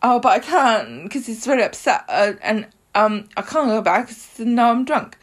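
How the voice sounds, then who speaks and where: A woman's voice: fairly high pitch, lively intonation, normal speed. A woman acting out a drunk, fretful soap heroine. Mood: fretful, tipsy.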